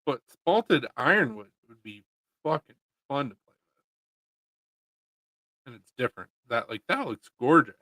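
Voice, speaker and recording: A man's voice: mid-range voice, big pitch swings, moderate pace, long pauses, bright, forceful tone, no room sound, low-quality recording. A man hosting a casual livestream, chatting in a laid-back, rambling and jokey way. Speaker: livestream host. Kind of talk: casual chat.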